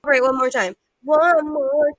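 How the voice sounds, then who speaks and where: A woman's voice: high-pitched, steady tone, normal speed, a bit bright, dry recording, rough recording. A woman giving playful, chatty let's-play commentary on a game, reading text aloud and humming to herself. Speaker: gamer.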